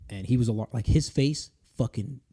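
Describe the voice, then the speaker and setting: Man, podcast host, very dark voice, animated storytelling, swears a lot. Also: mid-range voice, moderate pace, breathy edge. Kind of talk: casual chat, storytelling.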